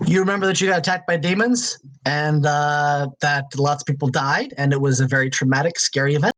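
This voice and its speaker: A man narrating as game master of a tabletop role-playing game, talking in halting bits with restarts. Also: on the high side, steady tone, fairly bright tone, rough recording. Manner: halting, many restarts and fillers.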